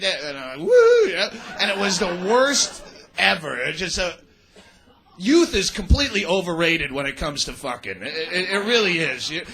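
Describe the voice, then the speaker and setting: A male stand-up comedian with a crude, rambling manner, bantering with the crowd from a comedy club stage. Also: high-pitched. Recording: live club recording with loud crowd. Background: audience laughter.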